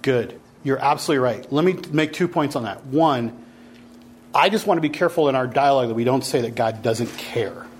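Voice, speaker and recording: A man's voice: medium pitch, a little fast. A man teaching a Bible class, lecturing and challenging his students to argue back.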